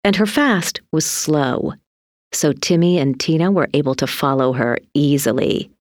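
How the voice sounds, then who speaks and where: Expressive woman reading a storybook, unhurried, lower voice. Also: dry recording, studio quality. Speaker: narrator.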